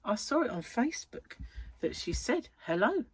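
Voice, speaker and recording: A woman's voice: fairly high pitch, big pitch swings, normal speed, a little hiss or hum. A woman in her thirties, a crochet vlogger chatting casually in a rambling way, full of fillers. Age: 30s. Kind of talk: casual chat.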